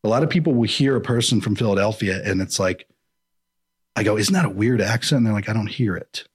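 A man's voice: on the low side, expressive, fast talker, slightly rough. A man hosting a casual chat, rambling and jokey, who slips into impressions.

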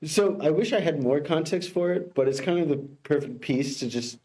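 A man co-hosting a podcast, presenting headlines in a relaxed, chatty way. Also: a little high, a little fast. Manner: easygoing, laughs along. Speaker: podcast co-host reading headlines. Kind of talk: casual chat.

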